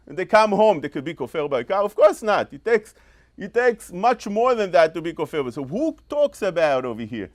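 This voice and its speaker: Rabbi guy preaching, high voice that jumps all over. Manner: animated preaching, mimics scolding parents, quotes Hebrew rapidly. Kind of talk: sermon.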